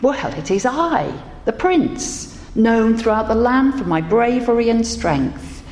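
A woman's voice: fairly high pitch, sing-song, slow, a little mellow. A woman voicing a lovelorn young prince in a told story, speaking in a raised, earnest storybook manner. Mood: proud. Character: lovelorn young prince, proud then humble. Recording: echoey hall with room ambience.

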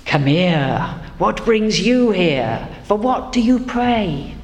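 A woman voicing God in a slow, solemn, wise voice, in an echoey hall. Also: mid-range voice, expressive, darkish tone. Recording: echoey hall, faint noise.

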